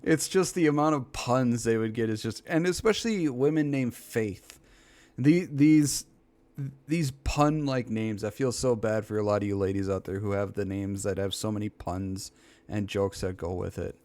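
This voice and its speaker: A man's voice: on the low side, moderate pace, a little mellow. Chill guy riffing on a funny video, rambly, swears a little. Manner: laid-back, rambling, a bit of swearing. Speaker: streamer reacting to a video. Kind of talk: casual reaction chat.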